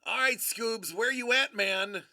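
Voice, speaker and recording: A live stream host giving excitable commentary, giddy and prone to laughing and shouting in bursts. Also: mid-range voice, unhurried, no echo, studio quality.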